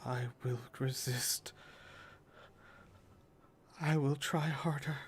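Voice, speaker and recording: A man doing a hushed, sorrowful woman. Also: medium pitch, fairly even intonation, extremely slow, a little hiss or hum, voice pushed up. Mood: sad, hushed. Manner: hushed, pleading. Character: sorrowful woman, quiet and resolute.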